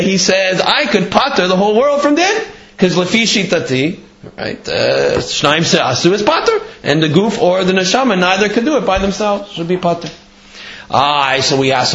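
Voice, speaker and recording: A man teaching a Torah class in a sing-song, animated study-hall style, mixing in many Hebrew terms. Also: high-pitched. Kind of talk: Torah class on Gemara and Midrash. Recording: echoey, dull lo-fi room recording.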